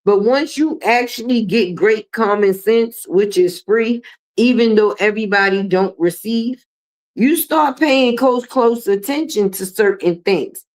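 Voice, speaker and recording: A woman's voice: medium pitch, a little slow, darkish tone. A middle-aged woman hosting a livestream, talking in a blunt, profane, sassy way as she comments and chats with viewers. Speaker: livestream host.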